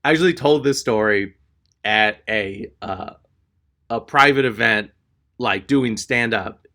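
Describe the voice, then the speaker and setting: Male comic from Texas, crisp bright voice, slightly low pitch, exasperated storyteller. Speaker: stand-up comedian. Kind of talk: stand-up storytelling.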